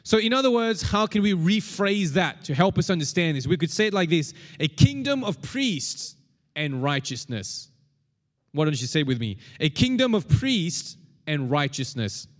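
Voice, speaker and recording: An emphatic male pastor preaching a sermon, repeating his key phrases and calling on the congregation to say them with him. His voice sits a little high for a man and rings out with a long reverb, as if in a large hall. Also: big pitch swings, a little fast.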